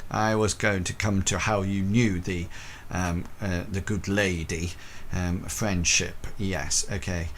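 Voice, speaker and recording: A man's voice: low voice, level tone, takes it slowly, a bit bright, a little hiss or hum, heavily acted. A man voicing a stern, suspicious police inspector who questions people in a clipped, probing way.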